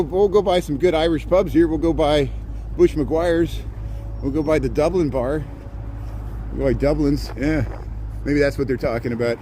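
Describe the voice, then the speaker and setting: A man's voice: on the high side, warm tone, low-quality recording. A man casually chatting while walking outdoors on a cold, windy street, rambling and answering viewers as he goes. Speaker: vlogger giving a city walking tour. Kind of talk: casual walking livestream chat.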